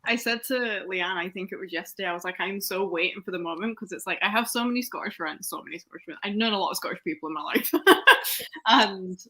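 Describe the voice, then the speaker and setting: A woman's voice: medium pitch, a little fast, sharp tone. A woman talking casually as a guest, rambling, with lots of "like" in her speech. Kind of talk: casual chat.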